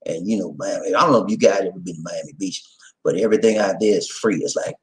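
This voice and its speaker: A man's voice: low-pitched, fast talker. A middle-aged man hosting a casual live stream, joking and laughing often as he chats with viewers. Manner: reads out viewer comments in put-on voices.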